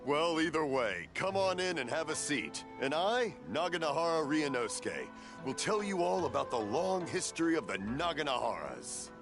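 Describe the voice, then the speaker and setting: An actor playing an elderly, hard-of-hearing fireworks maker who rambles into long stories and chuckles as he mishears things, in game voice acting. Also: moderate pace. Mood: welcoming. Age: older. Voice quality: animated, sing-song storytelling with big pitch swings. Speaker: old fireworks maker, the heroine's father. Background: game music.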